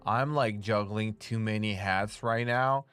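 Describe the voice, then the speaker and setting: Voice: mid-range voice, unhurried, fairly bright tone. A streamer chatting casually with viewers while drawing live, laughing often, swearing freely and leaning on "like" as filler. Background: faint background music.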